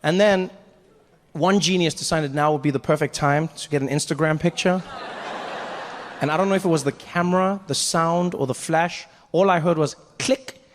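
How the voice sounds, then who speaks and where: A man performing stand-up comedy, telling a story in an animated way with acted voices. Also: fairly high pitch, normal speed, a little hiss or hum.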